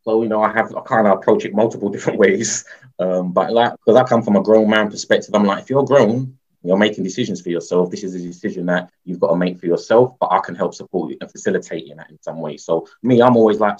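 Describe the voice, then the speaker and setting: A man's voice: fairly low pitch, fast talker, slightly rough. A man talking as a guest in a casual interview, rambling with many fillers and frequent laughs. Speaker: guest, mushroom educator. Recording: dull lo-fi sound.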